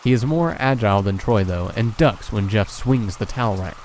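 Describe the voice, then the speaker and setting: A man's voice: fairly low pitch, animated, normal speed, a little mellow, slight background noise, low-quality recording. A man reading a horror story aloud and breaking off with casual, sweary comments and laughs. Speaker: creepypasta reader and reactor.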